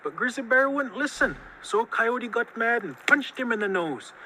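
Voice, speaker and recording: A man telling a traditional tale in a lively, expressive way, drawing out the key moments. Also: extremely high pitch, normal speed, a little hiss or hum, low-quality recording. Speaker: storyteller. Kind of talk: oral storytelling of a traditional tale.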